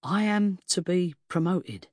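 A woman reading an audiobook, voicing an anxious, earnest middle-aged male police inspector who speaks low, halting and solemn. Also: expressive, a little mellow, dry recording, clean studio sound. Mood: earnest, tender. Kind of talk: audiobook character voice.

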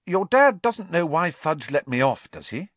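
A man's voice: a little high, big pitch swings, normal speed, fairly bright tone, no echo, voice pushed up. A man voicing a modest teenage boy who speaks sincerely, a little sheepish.

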